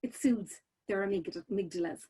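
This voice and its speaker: A woman's voice: mid-range voice, a little fast, warm tone, breathy edge. A woman presenting a childcare webinar in a chatty, informal way, full of "you know" fillers and restarts.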